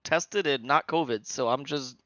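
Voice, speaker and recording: Bright, laid-back man on a dull mic. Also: medium pitch, moderate pace, no room sound. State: losing his voice. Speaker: guest dropping in on a stream. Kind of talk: casual chat.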